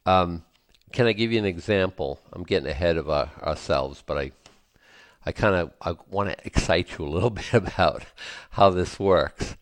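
A man teaching a Bible study, reading scripture aloud and then explaining it in an unhurried way, with frequent ums and small asides. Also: sits low, no room sound. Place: indoors, presenting to a screen.

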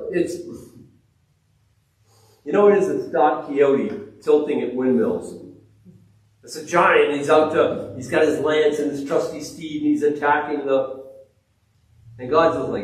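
Animated preacher in an echoey hall. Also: male voice, fairly high pitch. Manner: animated, swings from loud exclamations to hushed reverence, many restarts. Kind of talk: sermon. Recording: very echoey, distant mic.

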